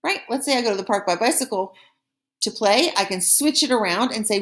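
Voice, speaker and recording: A woman leads a recorded French lesson, talking students through each step in a friendly classroom manner. She says the model phrases slowly and carefully so they can repeat them. Her voice sits fairly high and moves up and down a lot. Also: expressive. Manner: slow, carefully pronounced model phrases for repetition; friendly classroom explaining with small slips and laughs. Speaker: French teacher.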